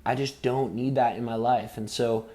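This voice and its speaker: A man's voice: mid-range voice, fairly even intonation, moderate pace, dark tone. A man telling a personal story to camera in a rambling, candid way, filling gaps with "you know" and "um" and swearing casually. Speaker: vlogger.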